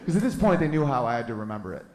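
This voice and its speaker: A man's voice: medium pitch, big pitch swings, racing, a little mellow, echoey room. A man in his thirties doing a live stand-up comedy set, rambling loosely and breaking into goofy voices. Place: live comedy venue with audience.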